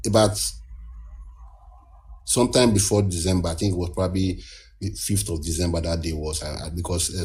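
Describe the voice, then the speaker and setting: A man's voice: low-pitched, darkish tone. A man from Nigeria, earnestly explaining as a guest in a casual discussion, often restarting his sentences. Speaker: guest caller.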